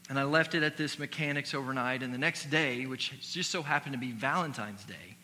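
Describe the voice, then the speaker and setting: Bright-voiced man preaching in a reverberant hall. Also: medium pitch, a little fast. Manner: emphatic preaching that drops to quiet storytelling. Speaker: pastor. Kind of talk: sermon with a personal story. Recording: long hall reverb with faint hum.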